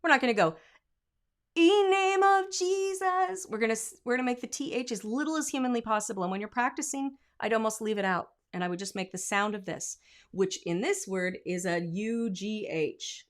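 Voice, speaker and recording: A woman vocal coach giving a singing lesson, breaking into sung example lines and dropping to quiet asides. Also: medium pitch, fairly quick. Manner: demonstrative, sings example lines; drops to asides and quiet comments.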